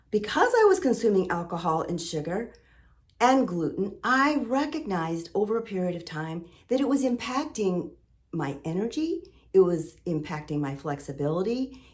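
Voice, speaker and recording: Earnest, lower-voiced middle-aged woman vlogger. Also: a little mellow. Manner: earnest, emotional, full of sailing metaphors; repeats phrases for emphasis. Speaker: lifestyle vlogger. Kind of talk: heartfelt motivational monologue.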